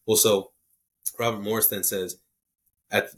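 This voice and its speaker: A young man telling a personal faith story in a casual, rambling way, full of restarts and quick asides. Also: lowish voice, flat delivery, a bit bright. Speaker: podcast guest sharing testimony.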